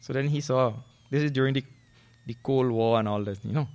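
A man giving a scripture discourse as a spiritual teacher, animated, with questioning tags and chanted verse. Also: medium pitch, fairly quick.

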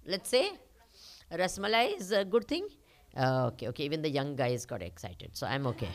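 A spiritual teacher with an Indian accent giving a talk to a live audience, asking rhetorical questions and pausing for the answers. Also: female voice, low voice, very animated. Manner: questioning, rhetorical, uses call-and-response.

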